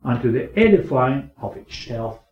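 A man's voice: mid-range voice, animated, normal speed, a little hiss or hum. Man preaching in an echoey hall. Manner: preaching with sharp swings between raised emphasis and quiet asides. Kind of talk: sermon. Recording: echoey, distant, muffled recording.

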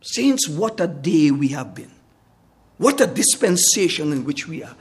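A man's voice: on the high side, very animated, unhurried. A man preaching a sermon, fervent and emphatic, at times dropping his voice almost to a whisper. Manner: fervent, emphatic, with dramatic drops to near whisper.

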